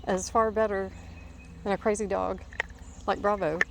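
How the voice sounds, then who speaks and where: A woman's voice: mid-range voice, level tone, normal speed. A middle-aged woman chatting casually on a rural walk, rambling between thoughts and stopping to talk to her dog. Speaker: vlogger. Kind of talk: casual walking vlog. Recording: clear outdoor background noise.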